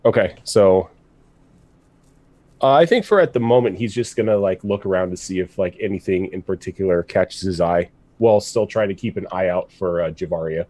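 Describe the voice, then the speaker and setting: A man with a very deep, mellow voice playing a tabletop roleplaying game. He rambles loosely about what his character does, and his voice sounds dry and close. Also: normal speed, no echo. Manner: rambling, full of "like" and "uh". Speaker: player. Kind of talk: casual game table chat.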